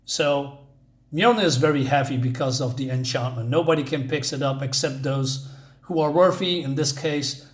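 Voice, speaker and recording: A man's voice: medium pitch, echoey room. A man casually reviewing a comic book, enthusiastic and rambling, often restarting his sentences.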